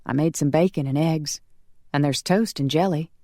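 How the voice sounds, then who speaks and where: A narrator voicing a friendly, practical young woman who sounds bright and upbeat. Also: mid-range voice, normal speed, no room sound, studio quality, close to an everyday voice.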